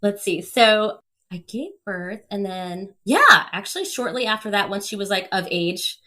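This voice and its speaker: A woman's voice: medium pitch, expressive, moderate pace, bright, forceful tone. A woman in her thirties, a podcast guest telling stories with energy, laughing often and acting out the people she quotes. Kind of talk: casual storytelling.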